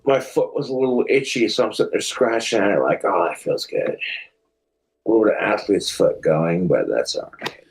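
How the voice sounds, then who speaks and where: A man's voice: on the low side, a little fast, creaky, few pauses, darkish tone. A man guest on a podcast, talking casually in a blunt, rambling way. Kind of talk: casual chat.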